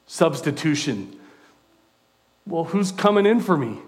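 A male preacher delivers a sermon at a middle pitch. He talks conversationally and with animation, breaking in with self-deprecating asides. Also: a little slow, long pauses.

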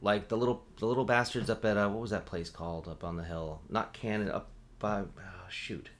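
A man's voice: on the low side, brisk, a little hiss or hum. A man who works as a bartender, chatting casually and acting out the people in his stories, with lots of filler words. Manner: animated storyteller, acts out quoted voices, heavy "like" filler. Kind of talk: casual chat.

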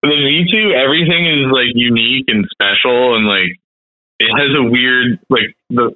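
A man's voice: mid-range voice, moderate pace, no echo. Laid-back rambling guy on a tinny line. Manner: laid-back, rambling, heavy on "like" and "dude", swears casually. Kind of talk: casual chat. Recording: dry tinny phone-like line.

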